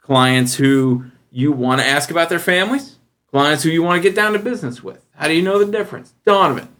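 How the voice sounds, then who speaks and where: Animated storytelling man host. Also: a little fast. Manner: animated storyteller who acts out other people in a high voice. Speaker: podcast host. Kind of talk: casual podcast chat.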